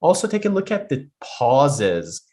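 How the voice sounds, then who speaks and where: A man's voice: medium pitch, huge pitch swings, measured pace, mellow. A man teaching a pronunciation lesson, explaining step by step with frequent hesitations. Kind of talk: online lesson.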